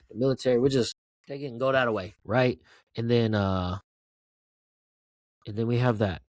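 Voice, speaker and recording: Excitable, foul-mouthed male show host. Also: lowish voice, no room sound, clean studio sound. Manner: excited, profane, rambling with frequent "right?". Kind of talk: casual TV recap commentary.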